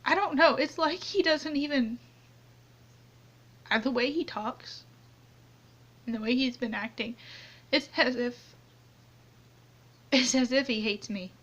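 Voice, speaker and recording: A young woman talking tearfully into her phone in an anonymous confessional vlog, halting and trailing off as she goes. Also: high-pitched, a bit bright. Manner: halting, many restarts and trailing off. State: tearful, crying on and off. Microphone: phone camera close up, only a hand in frame. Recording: dull lo-fi phone audio.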